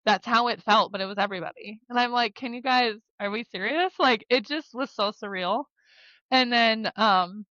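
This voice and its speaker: A bright, forward-voiced woman in her thirties with a Midwestern American accent tells stories in a relaxed podcast interview. She talks in loose, rambling sentences full of "like" and "you know" and laughs often. The recording is dry and a little muffled. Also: a little high, moderate pace, dry recording. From South Dakota, USA. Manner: chatty, lots of "like" and "you know", laughs easily. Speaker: podcast guest, former basketball player and therapist. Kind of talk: casual interview storytelling. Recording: slightly dull dry podcast audio.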